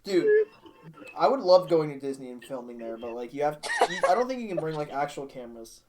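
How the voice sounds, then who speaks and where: A man's voice: a little high, sing-song, brisk, darkish tone. A young man co-hosting a podcast in casual, rambling chat, swearing often. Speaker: podcast co-host.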